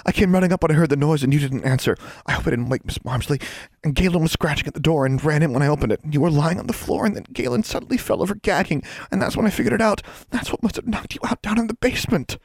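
A man's voice: fairly low pitch, huge pitch swings, no echo, studio quality, pitched above the performer's own voice, full character voice. A man voicing an anxious young schoolgirl witch who talks in a breathless rush. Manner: breathless rushed whispering.

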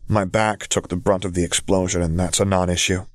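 A man reading a story aloud and voicing a calm young guard who speaks in an easy, reassuring tone. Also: low voice, brisk, no room sound, clean studio sound, natural voice.

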